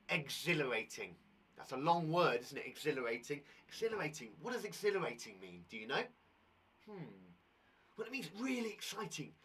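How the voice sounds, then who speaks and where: A man with a British English accent teaching a live online lesson for primary school children, talking straight to the kids at home and reading a story aloud slowly. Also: on the high side, recorded from a distance. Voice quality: husky, animated.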